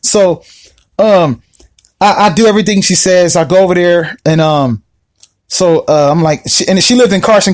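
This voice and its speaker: A man hosting a podcast, telling a personal story casually with lots of fillers and restarts, acting out the people he quotes. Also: sits high. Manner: animated, acts out quoted voices, many fillers and restarts. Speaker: podcast host.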